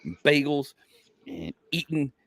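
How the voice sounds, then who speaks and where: A man, a comedian and podcast host, telling a rambling story in casual chat. He laughs at his own stories and his voice jumps up in pitch. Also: very animated, a little slow, vocal fry, a bit bright, no echo.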